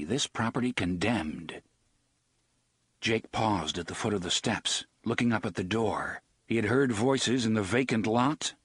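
Male audiobook narrator, husky, deliberate suspense delivery, dry close sound. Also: lowish voice, fairly bright tone, no room sound. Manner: measured, suspenseful, slowing on tense beats. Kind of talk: scripted narration.

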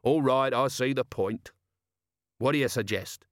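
A man's voice: mid-range voice, unhurried, no room sound, natural voice. Man playing a blunt watch commander, impatient, dry close sound. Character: exasperated gruff male city watch commander.

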